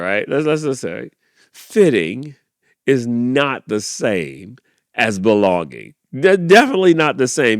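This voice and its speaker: A man hosting a podcast, reading a picture book aloud and then talking it through in an animated way with many restarts. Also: mid-range voice, no echo, studio quality. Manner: animated, repeats and restarts, self-coaching. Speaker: podcast host.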